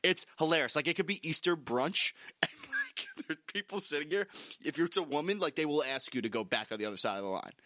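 A man's voice: fairly high pitch, animated, quick pace, bright, forceful tone, no room sound, clean studio sound. A young man chatting on a podcast, crude and laughing often. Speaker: podcast co-host. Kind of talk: casual chat.

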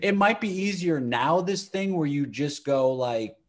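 A man's voice: on the high side, animated, unhurried. A man in his thirties, a father, talking in a reflective, earnest way in a casual chat and laughing easily.

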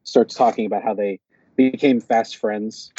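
A man's voice: fairly low pitch, fairly even intonation, unhurried, mellow, breathy edge, no echo, muffled recording. A man co-hosting a podcast, casually recapping a TV episode, rambling and quoting the characters. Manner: rambling, quotes characters in raised voices. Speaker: podcast co-host.

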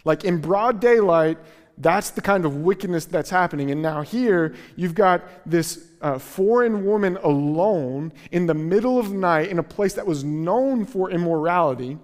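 A male pastor delivers a sermon in a somewhat high voice. He reads scripture with measured care, then retells it in an earnest, conversational way. His words ring out with a long reverb, as in a church auditorium. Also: expressive, darkish tone.

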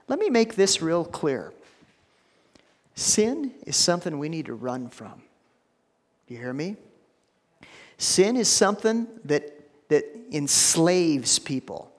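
A man preaching a sermon to a congregation, swinging between hushed, slow lines and loud, emphatic ones. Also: on the high side. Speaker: pastor. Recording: long hall reverb.

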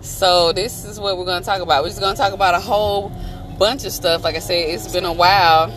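A woman podcasts casually from a noisy car, ribbing her husband and addressing listeners directly. She speaks fairly quickly in a fairly low, fairly bright voice with fairly even intonation.

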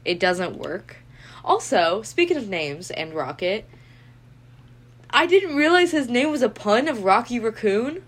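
A woman co-hosting a podcast, chatting casually with quick reactions. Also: a little high, sing-song, fairly bright tone. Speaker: podcast co-host. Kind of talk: casual chat.

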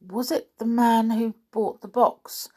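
A woman voicing a thoughtful older boy who asks things in a quiet, measured way. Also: fairly high pitch, steady tone, slightly rough, voice pushed up.

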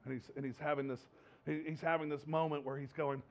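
A man preaching a sermon in church, conversational and animated, repeating phrases for emphasis, recorded on a dull lo-fi recording. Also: on the high side, fast talker. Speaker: pastor.

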